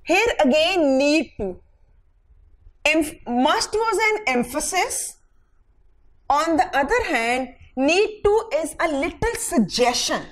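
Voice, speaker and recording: A woman's voice: high-pitched, animated, slow, rough recording. A woman teaching English grammar in a recorded lecture, dictating example sentences word by word and checking in with "fine" between points, with a Pakistani English accent.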